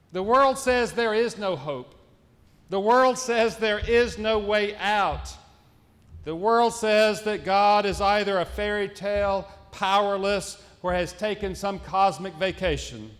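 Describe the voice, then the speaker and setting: A man's voice: sits high, a bit bright. A male pastor preaching an Easter sermon in a rhythmic, repetitive cadence. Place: church sanctuary. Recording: long reverb in a church sanctuary.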